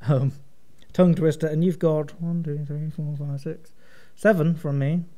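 A man's voice: on the high side, steady tone, a little slow, dark tone. A young man co-hosting a comedy podcast, gloating and giggling through casual banter. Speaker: podcast co-host.

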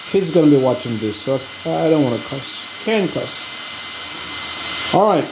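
An RC hobby vlogger, frustrated over a broken hobby part, rambles to his viewers, calling them guys and saying he's pissed off. His slightly high voice is animated and a little slow, full of hesitation, restarts and fillers. The room is echoey, with faint ambience and a noisy background.

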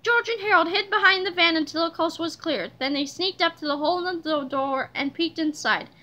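A woman narrating a children's book aloud in a lively storytelling manner. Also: very high-pitched, a little fast, highs cut off. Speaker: reader.

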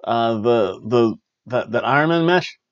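A man hosting a wrestling review podcast, recapping a show in casual chat and slipping into quick mimicry of wrestlers. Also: medium pitch, no echo, muffled recording. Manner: animated, mimics wrestlers and announcers in quick asides.

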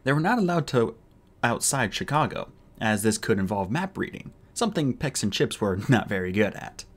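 A man reading an audiobook aloud in an expressive narrating style. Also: medium pitch, moderate pace. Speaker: audiobook reader.

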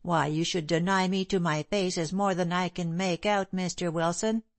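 A woman voicing a stubborn, indignant London landlady in an audiobook, insistent and sharp-tongued. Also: fairly low pitch, fairly even intonation, normal speed, no room sound, close to an everyday voice.

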